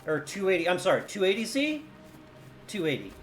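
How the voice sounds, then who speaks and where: A man's voice: sits high, huge pitch swings, a little fast, soft background music. A man streaming a survival game, chatting casually with viewers in a wry, profane, often muttered way. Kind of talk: casual gameplay commentary.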